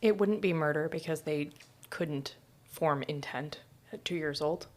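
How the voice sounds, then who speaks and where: A woman co-hosting a true crime podcast, giving measured, dry explanations. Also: low-pitched. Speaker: podcast co-host with legal knowledge. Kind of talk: casual podcast chat.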